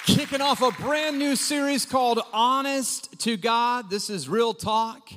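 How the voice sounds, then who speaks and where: A middle-aged man preaching a sermon as pastor, lively and conversational, acting out quotes with a raised voice. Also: very high-pitched, unhurried, a faint crowd. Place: church auditorium. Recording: long reverb of a large hall.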